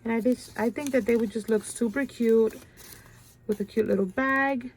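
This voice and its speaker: A woman's voice: a little high, normal speed, slight background noise. Stuffy-nosed gushing craft vlogger woman. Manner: gushing, chatty, keeps saying "you guys". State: stuffy nose. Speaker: craft channel host. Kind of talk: casual show-and-tell chat.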